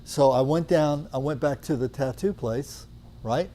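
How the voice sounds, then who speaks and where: Mellow-voiced middle-aged man telling a story. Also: mid-range voice, measured pace. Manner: chatty, acts out dialogue, many fillers. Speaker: natural medicine teacher. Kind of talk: anecdotal storytelling to a class.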